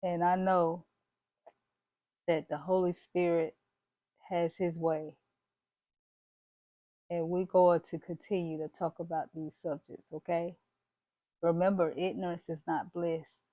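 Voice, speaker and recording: Slow-talking bold preachy woman. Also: lowish voice, level tone, warm tone, no room sound. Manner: says "y'all" and "baby". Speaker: vlogger. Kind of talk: casual motivational talk to camera.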